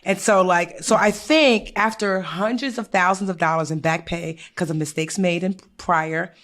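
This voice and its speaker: A woman co-hosting a podcast who gives casual financial advice and acts out her own inner thoughts with lively quoted asides. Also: lowish voice, normal speed.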